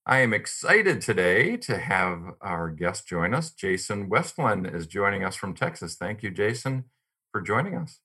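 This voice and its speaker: A man's voice: low voice, sing-song, unhurried, sharp tone, husky. A man hosting a podcast interview over a video call, upbeat and friendly, with some fillers. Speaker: podcast host.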